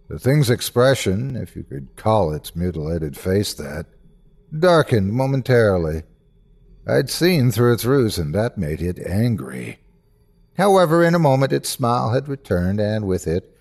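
A man hosting and narrating a scripted horror story in a dramatic, measured storytelling manner. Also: fairly low pitch, very animated, a little mellow. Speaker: host and narrator.

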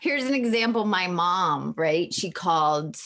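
Brief: woman author, lowish voice, candid and reflective, rambling phrasing. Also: expressive, unhurried, a bit bright. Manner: open, self-reflective, talks in loose run-on phrases. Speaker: author being interviewed. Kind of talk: candid podcast conversation.

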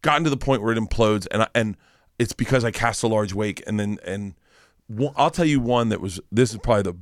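A man's voice: fairly low pitch, fast talker, no room sound, studio quality. Rambling profane male storyteller. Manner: rambling, self-deprecating, profane. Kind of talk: casual storytelling chat.

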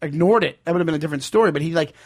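A man co-hosting a podcast in casual chat, telling stories with lively acted-out quotes. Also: a little high, rapid-fire, husky. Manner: animated storyteller, acts out quotes loudly. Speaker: podcast co-host.

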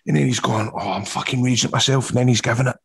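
A man's voice: medium pitch, racing, gravelly, slightly rough. A man with a Scottish accent, co-hosting a podcast and telling a story in casual chat, mimicking the people in it. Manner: animated storytelling, mimics others' voices. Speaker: podcast co-host.

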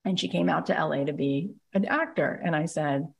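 A lower-voiced American woman in middle age fires off motivational advice with excitable, emphatic energy. She drops into little quoted exchanges and keeps a lively, urgent push behind every point. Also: brisk, vocal fry, husky. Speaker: podcast host and business coach. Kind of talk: energetic motivational live talk.

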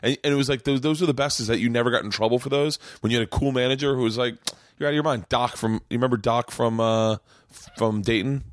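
A man telling rough, animated stories about stand-up gigs in a casual chat, acting out the people he quotes. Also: mid-range voice, fast, dry recording, studio quality. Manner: animated, profane storytelling with acted-out quotes. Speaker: podcast host, comedian.

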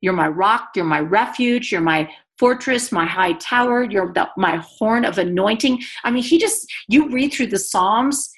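A woman guest in a faith-based conversation who talks in quick, animated bursts with teasing humor. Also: medium pitch. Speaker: guest speaker.

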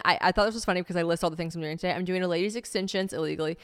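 A woman's voice: on the low side, fairly even intonation, quick pace, few pauses, fairly bright tone, clean tone. A young adult woman hosting a casual solo podcast, reading her old diary entries aloud and mocking them candidly, swearing freely and saying "like" a lot. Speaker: podcast host.

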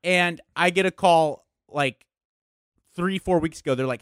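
Middle-aged male guest, lively swearing storyteller, dry close sound. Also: fairly high pitch, normal speed, smooth, no room sound. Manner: animated storyteller, swears freely. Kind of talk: casual chat.

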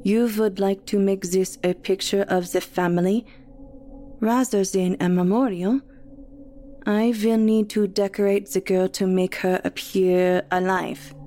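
A woman voicing a tall, bearded German male photographer with a German accent, speaking formally and in measured phrases. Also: mid-range voice, fairly even intonation, dark tone, a little hiss or hum, close to an everyday voice. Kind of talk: audio drama reading.

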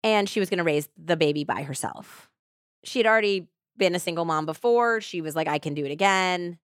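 A woman with a lowish voice and a brisk pace hosts a podcast, chattily retelling a true-crime case with plenty of "like." The clean studio recording has no room sound.

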